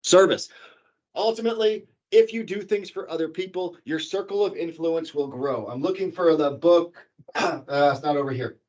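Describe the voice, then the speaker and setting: A man leading a workplace training session, talking casually and animatedly, shifting his pitch and volume for emphasis. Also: normal speed, darkish tone, highs cut off. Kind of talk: corporate training talk. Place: office.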